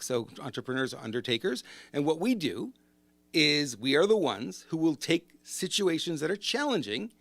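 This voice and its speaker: A man's voice: mid-range voice, dry recording. Chatty man musing in a dry, close recording. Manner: conversational, rambling with asides and rhetorical questions. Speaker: business coach and podcast host. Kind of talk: solo podcast monologue.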